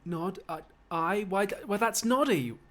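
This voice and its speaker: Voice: medium pitch, animated, a little slow, a bit bright, voice pushed up. A streamer reading the part of a lovesick young nobleman in a live amateur read-through of a play. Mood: bantering. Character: young lovesick male nobleman, moony and wordy.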